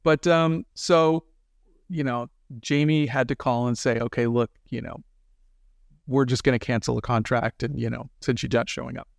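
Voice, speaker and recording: A man guest in an interview, telling lively anecdotes in casual talk and acting out the people he quotes. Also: medium pitch, moderate pace, creaky, no echo, clean studio sound. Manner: animated anecdotes with quoted voices. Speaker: guest, animator and film director.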